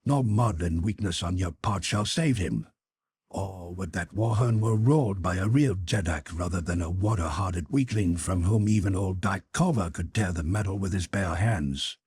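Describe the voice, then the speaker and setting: A man's voice: low-pitched, moderate pace, breathy edge, no echo, voice pushed down. A man voicing a scarred, menacing old green Martian warlord who roars his threats in an audiobook. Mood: roaring. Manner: loud, menacing and roaring.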